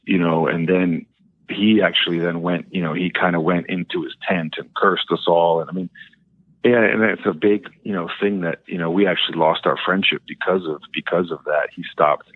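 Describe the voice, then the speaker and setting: Low-voiced man calling in over a phone line. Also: steady tone, normal speed, dry recording. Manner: hesitant, rambling with many fillers and restarts. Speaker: caller. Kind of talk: telling a personal story on a call-in show.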